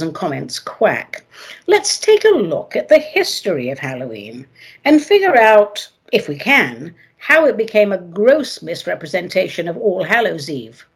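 A woman hosting her own radio show, talking in a playful, dramatic way with sing-song emphasis and a husky voice; she moved to America from elsewhere. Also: medium pitch. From not from America, moved there. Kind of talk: theatrical solo radio talk.

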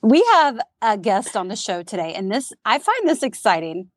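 A woman's voice: medium pitch, big pitch swings, normal speed, dry recording. A woman co-hosting a podcast in casual chat, chatty, rambling and self-mocking. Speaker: podcast co-host.

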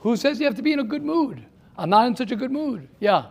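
A man's voice: extremely high pitch, sing-song, fast, creaky, darkish tone. A man teaching a class, firing off rhetorical questions and repeating himself, growing heated as he presses his point. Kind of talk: classroom talk with students.

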